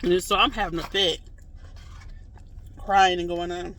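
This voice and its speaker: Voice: medium pitch, a little slow, slight background noise. A vlogger telling a story casually to the camera, rambling with lots of "like" and "you know" and acting out reactions. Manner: animated, acts out reactions in quotes.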